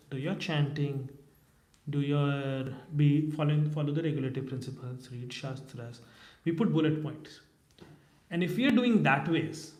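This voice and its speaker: Male teacher, a bit high-voiced, lively storyteller, echoey temple hall. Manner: animated storytelling. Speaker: class speaker. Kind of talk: scripture class.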